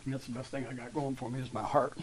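A man in his fifties sharing a rambling, heartfelt testimony with a group, full of fillers and restarts, turning loud and animated when he retells stories. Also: mid-range voice, quick pace, slight background noise. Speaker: church member sharing a testimony. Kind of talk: casual spoken testimony to a group. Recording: distant mic with faint room ambience.

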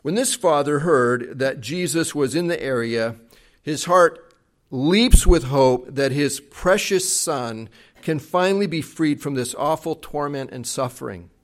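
A man preaching a sermon, retelling a Bible story with dramatic swings between loud acted quotes and soft, hushed passages. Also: on the high side, lively intonation, measured pace. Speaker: pastor.

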